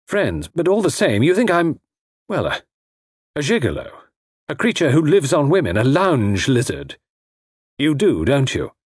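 A man's voice: a little high, huge pitch swings, a little slow, pauses often, breathy edge, no room sound, studio quality, voice pushed up, exaggerated voice. A man playing an intense young man, once a gigolo, who pleads earnestly and with passion. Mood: impassioned.

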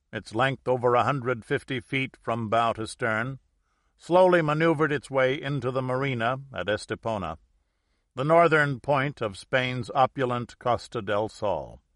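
A man narrating an audiobook in a measured, deliberate storytelling manner. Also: mid-range voice, fairly bright tone, no room sound, clean studio sound.

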